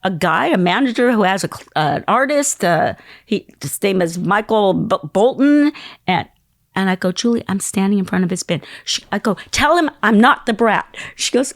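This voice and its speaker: Woman, 60s, podcast guest, lively storyteller who acts out the people she quotes, dry close mic. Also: medium pitch, normal speed, no echo. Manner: animated, acts out quoted voices.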